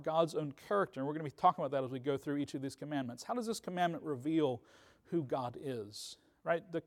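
A man teaching a church class on the commandments in a conversational way, often asking "right?" and pausing with ums. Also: a little high. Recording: reverberant hall.

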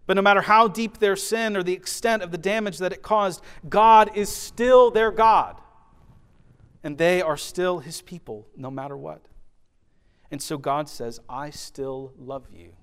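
A man's voice: sits high, clear, resonant tone. Man preaching a dynamic sermon. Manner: dynamic preaching, swelling loud then dropping to soft, hushed emphasis; repetitive, rhythmic phrasing. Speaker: pastor.

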